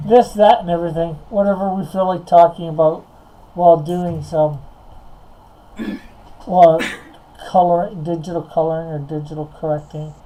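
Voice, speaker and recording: Chill stream host guy, mellow voice, rambling on about comics while coloring. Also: a little high, fairly even intonation, moderate pace, pauses often, low-quality recording. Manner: rambling, reads chat aloud, laughs often. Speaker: livestream host. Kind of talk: casual livestream chat.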